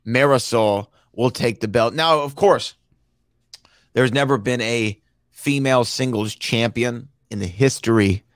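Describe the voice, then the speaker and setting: A man's voice: mid-range voice, unhurried, dry recording. Dry-sounding man, joking podcast co-host. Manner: joking, playful storyteller. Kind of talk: casual chat.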